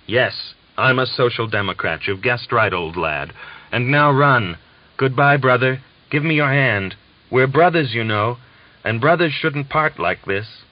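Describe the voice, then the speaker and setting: A man's voice: mid-range voice, big pitch swings, a little slow, husky, no echo, pitched above the performer's own voice. A man voicing a Russian soldier and working man who talks in an urgent, brotherly way, on a dull lo-fi audiobook recording.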